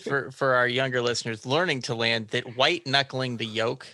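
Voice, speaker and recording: A man's voice: medium pitch, steady tone, moderate pace, pushed and bright. A man co-hosting a pilot podcast in casual chat, teasing a colleague in a dry, explanatory way. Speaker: podcast co-host.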